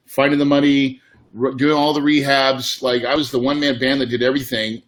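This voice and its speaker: A man's voice: mid-range voice, fairly bright tone. A middle-aged man, a real estate investor, telling a candid personal story in a casual, emotional way. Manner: casual, emotional, says dude and man often.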